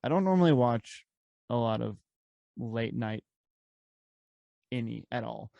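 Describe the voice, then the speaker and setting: A man's voice: mid-range voice, lively intonation, a little slow, creaky, dark tone, no room sound, highs cut off. A man co-hosting a podcast in casual chat, rambling with lots of fillers and laughs. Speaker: podcast co-host.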